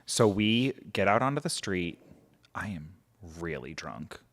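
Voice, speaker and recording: A man's voice: sits low, a little slow. A man, a podcast guest telling a story casually and animatedly, acting out quotes. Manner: animated, acts out quotes, many "like" fillers.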